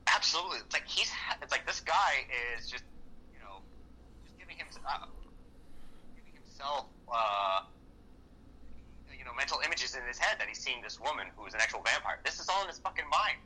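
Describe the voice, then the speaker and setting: A man co-hosting a casual movie-review podcast, excitable and profane, often acting out lines from the film. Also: medium pitch, brisk, pauses often, a little hiss or hum, poor audio. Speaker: podcast co-host.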